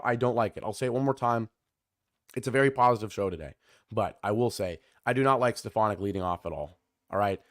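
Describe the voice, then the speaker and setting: A man in his twenties hosting a solo sports podcast, energetic and chatty, calling his listeners folks and often restarting or correcting himself mid-sentence. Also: medium pitch, no echo, clean studio sound. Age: 20s.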